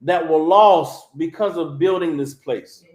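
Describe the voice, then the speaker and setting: High-voiced man preaching. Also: a little slow, roomy sound. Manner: animated, mocking, repeats "You understand?". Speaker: religious teacher. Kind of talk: livestreamed preaching.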